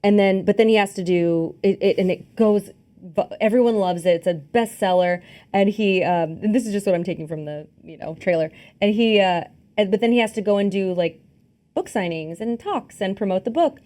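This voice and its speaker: A woman's voice: medium pitch, brisk, dark tone. A woman co-hosting a film podcast in casual chat, telling stories animatedly with acted-out quotes and lots of fillers. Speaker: podcast co-host. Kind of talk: casual chat about films. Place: studio filmed with two cameras.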